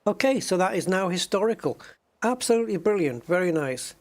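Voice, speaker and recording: A man's voice: high voice, animated, fairly quick. A man chatting casually with viewers while he plays a game at his desk, thinking aloud and humming to himself as he waits. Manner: chatty, addresses viewers as guys. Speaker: streamer playing a space game. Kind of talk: casual live-stream chat. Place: home desk with joystick.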